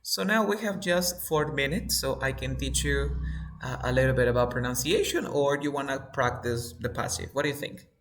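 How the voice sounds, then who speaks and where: A male teacher leads an online English class, patient and steady, repeating each word aloud so his students can hear where the stress falls. His voice sits at an ordinary middle pitch. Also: normal speed. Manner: patient, drills students, repeats words for pronunciation.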